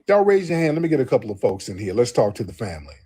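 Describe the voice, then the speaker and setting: Animated husky-voiced man hosting a call-in. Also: medium pitch. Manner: animated, loose and emphatic, drawn-out affirmations. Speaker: live show host. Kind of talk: casual live call-in talk.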